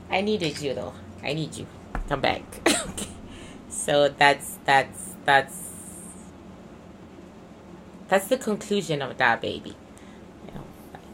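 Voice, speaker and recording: A psychic reader with a low-pitched yet bright and forceful voice walks through a casual card reading. She speaks emphatically, repeatedly circling back to restate her points, with a faint hiss beneath her voice.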